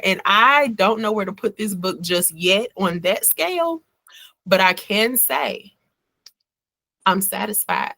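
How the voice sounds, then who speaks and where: A woman's voice: mid-range voice, a bit bright, no echo. A woman hosting a book club over a video call, laid-back and joking in a folksy way. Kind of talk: casual chat.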